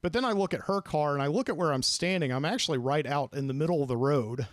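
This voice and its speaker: A man's voice: a little high, expressive, fast, no room sound, studio quality. A man hosting a podcast, telling a late-night story in a rambling, self-deprecating way and acting out the people he quotes. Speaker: podcast host. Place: studio.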